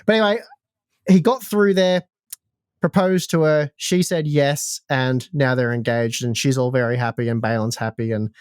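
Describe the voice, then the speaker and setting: A man's voice: mid-range voice, steady tone, normal speed, smooth, no room sound, clean studio sound. An Australian man co-hosting a podcast, telling a story in a chatty, joking way. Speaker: podcast co-host. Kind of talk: casual chat.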